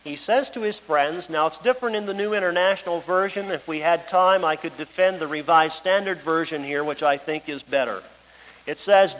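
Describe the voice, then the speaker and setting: Male preacher, conversational sermon with anecdotes, high pitch, big-hall reverb. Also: normal speed, a bit bright. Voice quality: conversational, digressive, storytelling.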